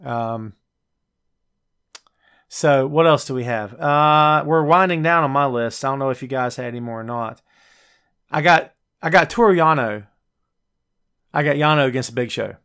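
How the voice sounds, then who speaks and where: A man hosting a laid-back wrestling talk show, riffing through his picks in an easy, chatty way. His voice sits at an average pitch for a man. He talks straight to the viewers and breaks into quick high-pitched voices when he quotes wrestlers. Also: fairly bright tone, clear, resonant tone. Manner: chatty, jokey, addresses live viewers directly. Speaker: podcast host.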